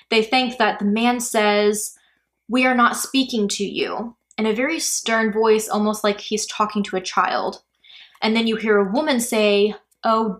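A woman's voice: mid-range voice, fairly bright tone. Chatty woman hosting a true crime podcast. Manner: chatty, speculative, lots of "like" and "you know". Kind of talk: casual true crime narration. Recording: faulty mic audio.

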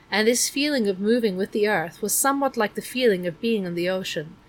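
Casting note: woman audiobook narrator, mid pitch, measured expressive reading.

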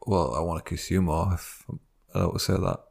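A man's voice: sits low, fairly even intonation, moderate pace, gravelly, a little mellow, slightly rough. A man co-hosting a comedy podcast with dry, joking casual chat. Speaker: podcast co-host.

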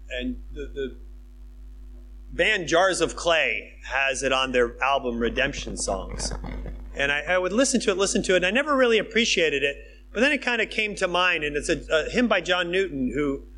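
A man preaching a sermon in a conversational, emphatic way, dropping to hushed tones and then rising with excitement. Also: a little high. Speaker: pastor.

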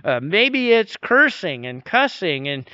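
Bright, high-voiced preaching man. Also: big pitch swings, slow, clean tone, no echo, muffled recording. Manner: conversational preaching with many restarts, drops to a soft intense hush. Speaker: pastor. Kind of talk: sermon.

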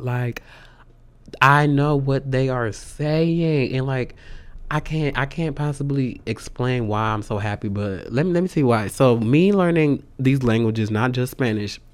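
A man in a casual vlog update, talking excitedly and loosely with many fillers and slang like y'all. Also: medium pitch. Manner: says "y'all" and "sis". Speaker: vlogger.

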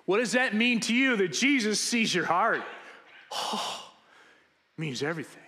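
A male pastor delivers a lively sermon, slipping into the voices of the people in his Bible stories. His voice sits a little high for a man and has a bright, forceful edge. The sound rings with the long reverb of a large sanctuary. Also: normal speed. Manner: animated storytelling, acting out biblical characters.

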